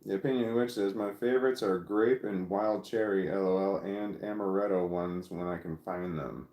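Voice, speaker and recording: A middle-aged man streaming casually from home, his voice sitting low. He reads viewer comments aloud and drifts between thoughts, often stopping and restarting mid-sentence. The room around him rings with a noticeable echo. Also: fairly even intonation, moderate pace, mellow. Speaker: livestreamer reading chat. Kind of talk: casual livestream chat.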